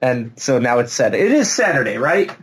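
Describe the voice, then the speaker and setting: A man's voice: mid-range voice, brisk, husky. A jet-lagged man co-hosting a podcast, telling rambling stories in casual chat. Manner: animated, rambling storytelling with laughs. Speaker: podcast co-host.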